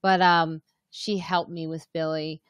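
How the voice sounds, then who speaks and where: A woman's voice: low voice, flat delivery, unhurried, clean tone, no echo. Chatty woman hosting a dry-sounding live stream. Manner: chatty, reads out viewer comments. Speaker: podcast host. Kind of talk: casual live-stream chat.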